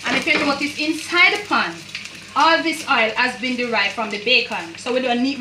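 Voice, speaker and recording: A Jamaican home cook speaks on the high side, expressive, brisk, and bright with a forceful tone; a little hiss or hum is present. She chats repetitively through a casual cooking demo, weaving in creole words. The echoey kitchen has her far from the mic over the sound of frying and sizzling.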